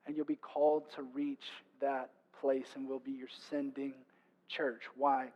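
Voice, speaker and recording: A man preaching a sermon as pastor, conversational with playful sarcastic asides, moving between hushed tones and loud emphatic stretches. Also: fairly high pitch, muffled recording.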